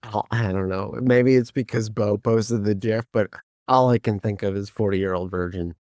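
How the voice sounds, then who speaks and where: A young adult man co-hosting a casual podcast, riffing and joking with quick comebacks. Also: fairly low pitch, no echo, clean studio sound. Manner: joking, animated, quick to riff. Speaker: podcast co-host.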